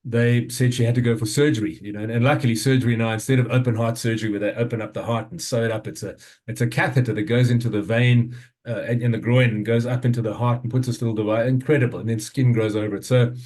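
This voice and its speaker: A man from South Africa, in his fifties, recounts something personal to a summit audience, sincere yet stumbling, with many fillers and fresh starts. He speaks at a medium pitch with a somewhat dark tone.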